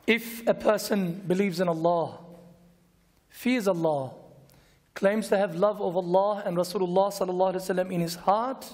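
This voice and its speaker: A man giving a Friday night religious lecture, emphatic and repetitive, slowing to stress key words, recorded in a lecture hall. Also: sits high, darkish tone. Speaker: Islamic lecturer. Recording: long echoing hall reverb.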